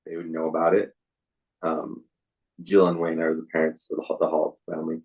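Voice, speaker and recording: Deep husky young man, soft-spoken guest. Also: completely flat delivery, narrow, tinny audio. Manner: soft, halting, many restarts. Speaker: podcast guest. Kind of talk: casual interview storytelling.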